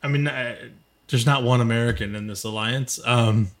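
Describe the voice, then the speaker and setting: A man co-hosting a casual wrestling podcast, rambling with halting restarts and a voice that trails off quietly. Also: medium pitch, steady tone. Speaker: podcast co-host. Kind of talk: casual wrestling review chat.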